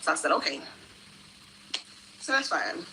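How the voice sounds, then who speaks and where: Bright sharp-voiced woman ranting about a refund, acts out both sides, faint noise behind. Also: unhurried, rough recording. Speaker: customer telling her refund story. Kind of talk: storytelling vlog.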